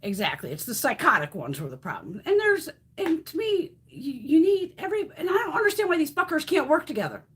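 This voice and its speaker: A woman's voice: sits high, wildly swooping pitch, fast talker, hardly any pauses, a bit bright. A woman hosting a casual live stream, ranting bluntly and profanely, reacting to chat comments as she goes. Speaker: beauty livestream host.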